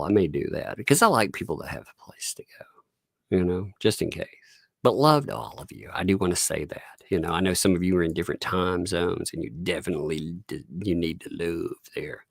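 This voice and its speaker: A man in his thirties hosts a relaxed livestream, talking casually and laughing often. His voice sits low with a gravelly edge, and the sound is dry and close. He drifts into quoted voices while telling family stories. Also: dry recording. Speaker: livestream host.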